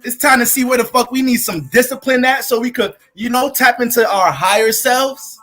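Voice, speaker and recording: A man hosting an astrology livestream from his family home, hyped and profane, shouting out viewers in casual chat. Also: extremely high pitch, normal speed, faint music behind, low-quality recording.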